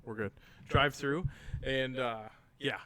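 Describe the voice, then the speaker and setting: Man telling a lively story. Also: mid-range voice, takes it slowly, heavy background noise. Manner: animated storyteller acting out quotes. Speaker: podcast co-host. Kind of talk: casual chat.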